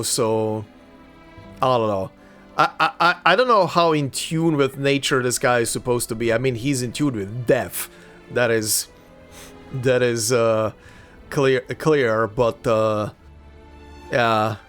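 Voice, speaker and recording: A man hosting a let's play, reading game text aloud and musing casually between lines. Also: medium pitch.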